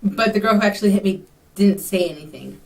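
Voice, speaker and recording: A young Texan vlogger rambles animatedly through a personal story, her speech crowded with "um" and "like." Her medium-pitched voice is brisk and darkish, with vocal fry. It's picked up by a distant mic.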